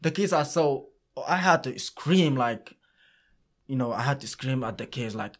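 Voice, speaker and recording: A man tells stories from running a youth soccer camp in a relaxed interview. His voice sits at an ordinary middle pitch. He is animated and halting, restarting sentences often. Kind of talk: casual storytelling in an interview.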